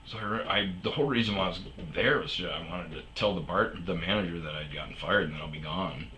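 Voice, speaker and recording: A man's voice: deep voice, fast talker, bright, forceful tone, reverberant, slight background noise, poor audio. A man hosting his own podcast, telling a rambling casual story full of fillers and asides. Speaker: podcast host. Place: sparse room at home.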